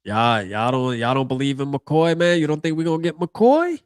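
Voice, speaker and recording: A man's voice: medium pitch, expressive, normal speed, smooth, dry recording. Man, stream host, casual slangy chatter, thinking aloud, dead dry sound. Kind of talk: casual live reaction stream.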